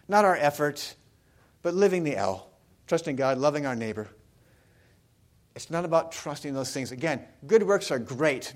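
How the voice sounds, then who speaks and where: A man preaching a sermon, talking casually with the congregation and asking them questions. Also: a little high. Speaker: pastor.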